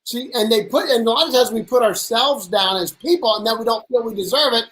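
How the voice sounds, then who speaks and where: A man hosting a casual lunch conversation, an energetic storyteller who acts out the people he quotes in animated voices. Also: extremely high pitch, fairly quick, slight background noise, rough recording. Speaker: host. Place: at a lunch table.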